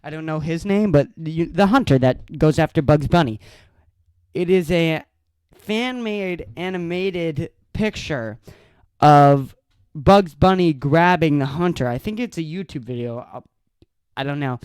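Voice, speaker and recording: Slow-talking, chuckling podcast host man. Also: fairly high pitch, a little mellow, smooth, dry recording, clean studio sound. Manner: amused, often breaks into laughter while retelling; halting, restarts sentences. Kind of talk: casual solo storytelling.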